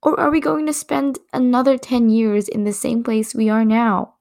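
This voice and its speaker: A woman's voice: a little high, little pitch movement, normal speed, gravelly, darkish tone, pitched above the performer's own voice. A woman reading a young woman pleading, upset. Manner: pleading, crying out. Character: insecure young woman pleading with her partner.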